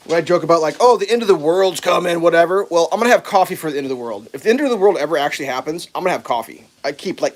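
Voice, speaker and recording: A man chatting casually to viewers while cooking breakfast in his home kitchen, rambling and talking to his dog. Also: fairly high pitch. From central United States. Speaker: livestream cooking host. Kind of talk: casual live-stream chat while cooking.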